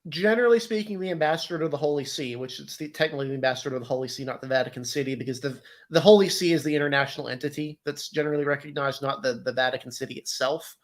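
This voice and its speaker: A man's voice: fairly high pitch, very fast, hardly any pauses. A man co-hosting an election stream, explaining facts in casual chat with many fillers and self-corrections.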